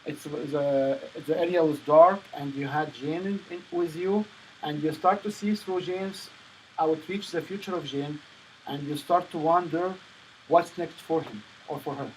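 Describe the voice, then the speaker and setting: A man coaching a student on stage presentations, speaking in halting phrases with many restarts. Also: a little high, a little hiss or hum, poor audio. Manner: non-native phrasing, repeats and restarts. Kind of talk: coaching session.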